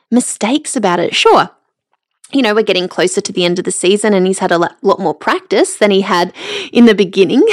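A woman's voice: medium pitch, no echo, studio quality. A middle-aged woman hosts a podcast and tells a personal story. She laughs often while she talks. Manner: warm, laughs often while telling stories. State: emotional, near tears. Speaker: podcast host.

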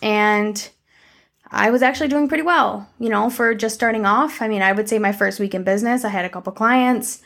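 A young woman talks straight to her viewers in a loose, candid monologue, dotted with "like" and "um" and the occasional curse. Her voice sits at a middle pitch, and a gravelly fry runs through it. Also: a little fast, a bit bright. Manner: candid and conversational, with frequent "like" and "um" and some swearing. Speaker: vlogger. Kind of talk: casual personal life-update monologue.

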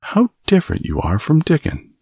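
A man's voice: fairly high pitch, huge pitch swings, normal speed, a little mellow, slightly rough, no room sound, clean studio sound, pitched above the performer's own voice, full character voice. A man reading an audiobook voices a curious, blunt little girl who speaks in a plain, matter-of-fact way. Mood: earnest.

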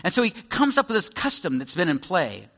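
A pastor gives a conversational teaching sermon in a fairly high, bright man's voice that rises and falls a great deal. His voice rings with long reverb in a church hall, and the sound is a little dull. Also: huge pitch swings, fairly quick. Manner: conversational, explains and acts out scenes. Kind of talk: sermon, verse-by-verse Bible teaching.

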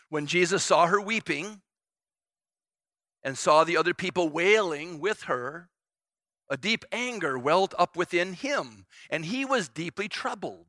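A man's voice: a little high, pushed and bright, dry recording. A middle-aged man preaching a sermon as pastor, earnest and repeating phrases for emphasis.

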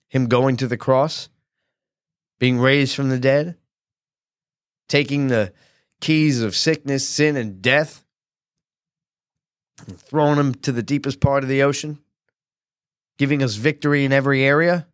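A man's voice: medium pitch, smooth, no echo, studio quality. A man, a pastor, preaching a conversational sermon and often checking in with his listeners through tag questions. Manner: animated acted-out quotes.

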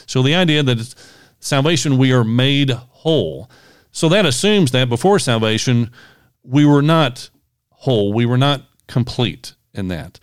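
Man w a smooth lowish voice, calm bible-teaching podcast host, dry close sound. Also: dry recording. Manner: measured, explanatory.

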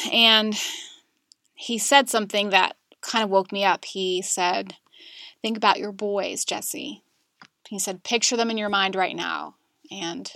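A woman guest in a podcast interview, candidly recounting a painful personal story in a halting, emotional way. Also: mid-range voice, fairly bright tone, no echo.

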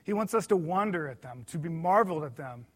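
A man with a notably high voice delivers an earnest sermon. He speaks emphatically, slowing right down to lean on the words that matter most. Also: lively intonation, fairly bright tone, husky. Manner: earnest and emphatic, slows down to stress key words. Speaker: preacher.

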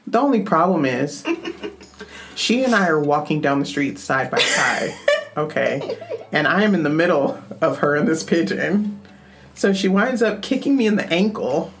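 Low-voiced woman with animated laughter. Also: normal speed. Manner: animated storytelling, laughs often. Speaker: podcast host. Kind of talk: casual chat.

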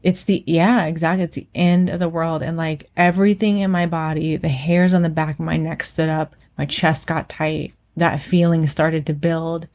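Woman, 30s, lowish voice, emotional, casual swearing, filler-heavy candid chat. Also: little pitch movement, moderate pace, hardly any pauses, darkish tone. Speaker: podcast co-host. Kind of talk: candid personal conversation.

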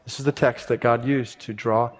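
A man's voice: mid-range voice, fairly even intonation, moderate pace. A male pastor preaching a sermon, talking casually and reading a conversion story aloud. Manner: conversational, reads passages with shifting intensity.

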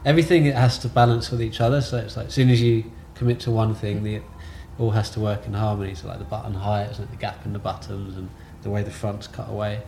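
A man who co-founded a tailoring business, answering interview questions in a relaxed, thinking-aloud way and often checking with his partner using tag questions. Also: lowish voice, fast talker, vocal fry, few pauses, slight background noise.

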